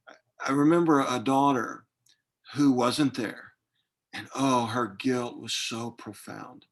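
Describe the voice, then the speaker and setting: A man's voice: medium pitch, fairly even intonation, slow pace. A man speaking as a grief counselor in an online workshop, reflective and hesitant, with frequent fillers and restarts, heard over a video call.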